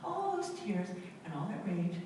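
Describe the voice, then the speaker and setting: Middle-aged woman, slow dramatic storyteller, emphatic pauses, recorded from the audience. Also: on the low side, sing-song, background noise. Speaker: speaker at a self-help event. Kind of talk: personal storytelling talk. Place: large indoor event hall. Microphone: camera in the audience. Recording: echoey hall recorded from far off.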